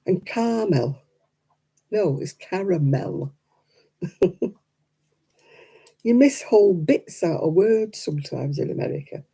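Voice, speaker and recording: Middle-aged woman chatting at home, dark mellow voice, a bit husky, laughs a lot. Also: mid-range voice, expressive, measured pace, long pauses, rough recording. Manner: chatty, laughs often, mimics other accents. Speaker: vlogger. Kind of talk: casual chat to camera. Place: quiet room at home.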